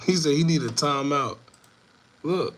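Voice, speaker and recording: A man hosting an online commentary show, talking casually to viewers in a repetitive, animated way with laughing asides. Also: on the high side, a little slow. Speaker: show host.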